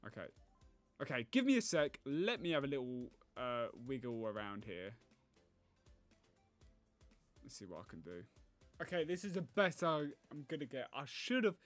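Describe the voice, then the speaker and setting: A man talking through a video game as he plays, thinking aloud, groaning and pleading at the screen. His pitch swings widely as he talks. Faint music plays underneath. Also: big pitch swings, moderate pace, pauses often. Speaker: gaming YouTuber. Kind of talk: live gameplay commentary.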